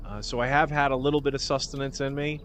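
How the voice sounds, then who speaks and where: A man hosts a laid-back cooking livestream in an easy, middle-pitched voice. He rambles and jokes at his own expense, dropping the odd swear word. Soft music plays faintly behind him. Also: little pitch movement, fast. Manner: rambling, joking and self-deprecating, with casual swearing. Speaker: livestream host. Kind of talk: casual cooking-show chat.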